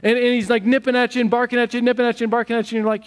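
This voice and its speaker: A man preaching a sermon as pastor, telling stories in an animated, conversational way. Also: high voice, racing, few pauses, smooth. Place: church sanctuary. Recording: long church hall reverb.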